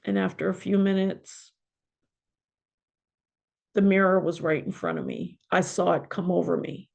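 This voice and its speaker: A middle-aged woman, a podcast guest and spiritual mentor, telling a personal story in an emotional, halting way. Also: on the low side, fairly even intonation, gravelly, darkish tone. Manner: emotional, halting, with pauses and fillers.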